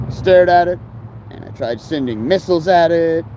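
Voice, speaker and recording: Man, laid-back rambling talk, lots of fillers and slang, slightly high voice, mellow tone, faint traffic behind. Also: a little slow. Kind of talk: rambling casual monologue.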